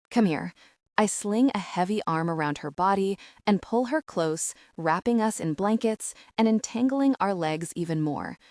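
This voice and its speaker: A woman's voice: mid-range voice, darkish tone, dry recording, clean studio sound. A woman narrating a first-person romance audiobook in an emotional, dramatic reading.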